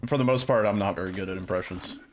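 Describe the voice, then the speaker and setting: A man's voice: low-pitched, fast talker, a little hiss or hum. A young man streaming a game speedrun, chatting casually and loosely with viewers, rambling and swearing now and then.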